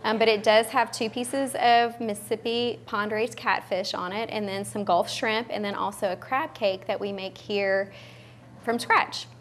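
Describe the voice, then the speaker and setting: A woman's voice: medium pitch, steady tone, a little slow, slight background noise. A woman who owns a restaurant, answering interview questions in a friendly, casual way and often saying "like" and "um". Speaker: restaurant owner. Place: restaurant kitchen.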